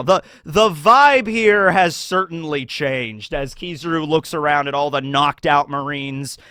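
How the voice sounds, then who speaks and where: A man casually giving animated commentary on a story, swearing and laughing easily. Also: on the high side, a little slow, few pauses, clean tone, dry recording, clean studio sound. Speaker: anime commentary YouTuber.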